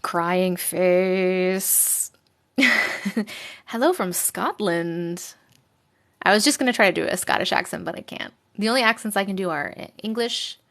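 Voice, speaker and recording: A woman's voice: medium pitch, a little fast, gravelly, sharp tone. A young woman hosting a casual live stream, chatting with viewers and reading their stories aloud, giggly and sometimes dropping to a whisper.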